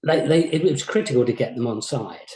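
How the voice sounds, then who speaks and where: An older man, a former games company boss, recalling his career in a modest, halting way, often repeating words. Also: medium pitch, dark tone. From England. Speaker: former games company CEO, interview guest. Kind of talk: reflective interview chat. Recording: roomy echo.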